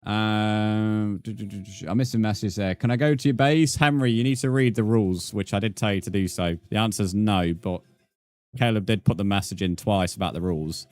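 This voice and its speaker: In a dry recording, a young gamer with a fairly low, darkish voice speaks a little fast while streaming. He casually reads his chat out loud, answers the messages, and laughs frequently.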